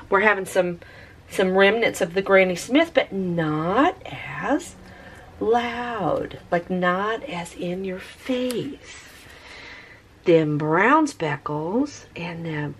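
Craft vlogger, woman, unhurried, coos and whispers at her work. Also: lowish voice, slight background noise. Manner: gushing, talks softly to the colors, drops into whispers. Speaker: craft vlogger reviewing tie-dye colors. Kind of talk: casual narration while working.

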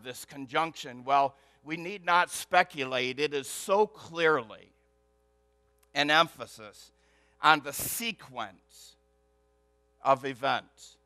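Forceful, emphatic male pastor preaching. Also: a little high, dry recording. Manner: emphatic, swings between loud stresses and hushed asides; rhythmic repetition for emphasis. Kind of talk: sermon.

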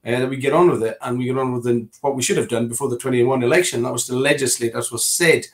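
A man's voice: medium pitch, steady tone, quick pace. A middle-aged Scottish man, a politician talking as an interview guest in a discursive way, often restarting and repeating words.

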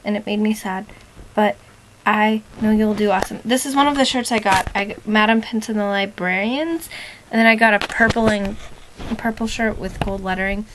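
A young woman making a chatty, rambling video diary for her boyfriend, excitable and fond. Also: medium pitch, rough recording. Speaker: vlogger. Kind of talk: casual video diary to a partner.

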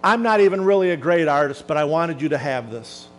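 A man voicing a grateful young soldier, speaking earnestly and softly. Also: fairly high pitch, animated, a little fast, natural voice.

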